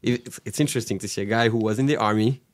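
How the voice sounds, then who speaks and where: A man speaking as an interview guest, halting and searching for his words in a relaxed conversation. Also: lowish voice, no room sound, clean studio sound.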